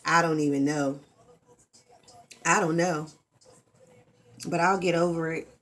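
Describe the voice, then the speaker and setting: A woman's voice: deep voice, fairly even intonation, slow, a bit bright. A woman, talking candidly and expressively in a casual vlog and swearing freely, into a camera mic. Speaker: vlogger.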